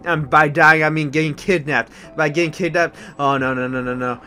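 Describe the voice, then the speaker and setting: A young man hosting a blind let's play, rambling and flustered, with many restarts when he gets excited. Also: fairly high pitch, brisk.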